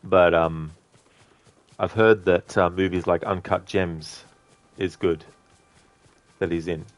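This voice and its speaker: A man with a very low voice streams a game. He chats along casually and answers viewers, rambling between thoughts with many fillers. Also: steady tone, slow, no echo. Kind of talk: casual gaming commentary.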